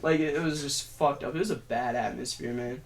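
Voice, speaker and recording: A young man chatting as a podcast guest, telling stories in an animated, profane way. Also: mid-range voice, brisk, slight background noise. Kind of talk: casual chat.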